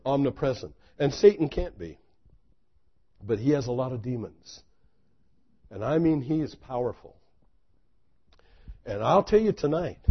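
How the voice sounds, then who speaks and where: A man preaching a sermon, telling a story dramatically, swinging from loud exclamations to hushed intensity. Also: medium pitch, breathy edge, dull audio.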